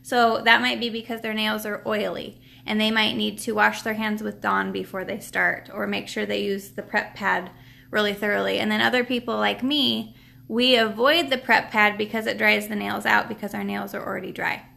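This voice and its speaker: With a medium pitch, little pitch movement, normal speed, vocal fry and a sharp tone, a woman hosts a casual live stream tutorial at home, seated at a table. She sells nail products and chats in a rambling manner with many fillers and restarts, a little out of breath.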